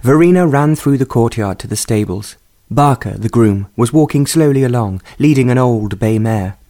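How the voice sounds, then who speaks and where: A man reading a period romance novel aloud. His delivery is measured and even, at a middle pitch. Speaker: narrator. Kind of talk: storybook narration.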